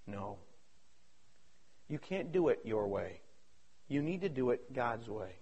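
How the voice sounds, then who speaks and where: A man preaching a sermon with great fervor, dropping to low mutters and rising to shouted exhortations as he acts out the voices in Bible stories. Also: sing-song, measured pace, pauses often, husky. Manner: fervent, swings from low mutters to high shouts.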